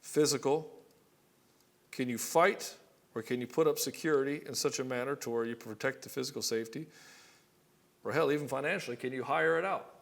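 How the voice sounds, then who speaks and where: A man's voice: mid-range voice, a little fast, gravelly, long pauses, a bit bright. A man coaching husbands on relationships, talking bluntly, swearing casually and acting out both partners in short skits. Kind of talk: direct-to-camera coaching talk.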